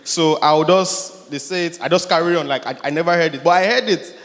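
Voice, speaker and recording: A man from the audience asks a question at a conference and tells his story in an animated way, with laughing asides. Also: a little high, fairly quick. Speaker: audience member asking a question. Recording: hall with long reverb.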